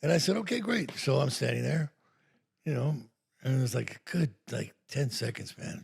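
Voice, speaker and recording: A man in his sixties, an actor, telling anecdotes in a casual, animated way and acting out what others said. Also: mid-range voice, moderate pace. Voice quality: gravelly, husky. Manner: animated, laughs while telling, acts out quoted lines. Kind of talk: casual storytelling.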